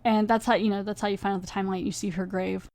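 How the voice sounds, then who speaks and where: A woman's voice: mid-range voice, little pitch movement, a little mellow, dry recording, clean studio sound. A woman podcast host recapping a horror episode in a chatty, casual way, acting out the characters' lines as she goes. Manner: chatty, acts out lines in quick voices.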